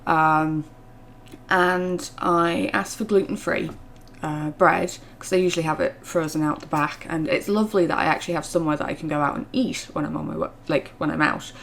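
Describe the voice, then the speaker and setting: A woman's voice: sits low, fairly even intonation, moderate pace, vocal fry, a bit bright, a little hiss or hum. A young woman, chatting through a storytime vlog with lots of fillers, her voice rising when she gets indignant. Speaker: vlogger.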